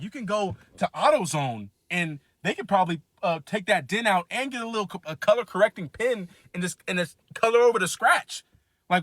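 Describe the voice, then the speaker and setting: Man, podcast co-host, animated storyteller, swears, bright voice, dry close sound. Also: high-pitched, no room sound. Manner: animated storyteller, acts out phone calls, swears freely. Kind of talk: casual storytelling chat.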